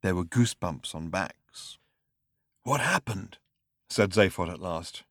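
A man narrating a story in a dry, measured storytelling voice. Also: deep voice, dry recording. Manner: dry, measured storytelling with varied expressive delivery. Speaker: audiobook narrator. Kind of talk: scripted narration.

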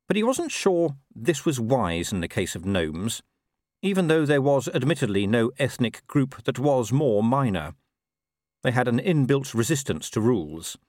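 Man narrating a story, dry and lively. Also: mid-range voice, no room sound. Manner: wry, expressive. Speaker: audiobook narrator. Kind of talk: scripted narration.

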